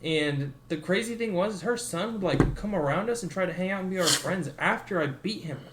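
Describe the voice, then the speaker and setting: A young man on a podcast talks with a slightly raised pitch, relaxed and casual. He drifts through his story and slips into voices for the people in it. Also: brisk, heavy background noise. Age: 20s. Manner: laid-back, acts out quotes with swearing and laughter. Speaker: podcast co-host.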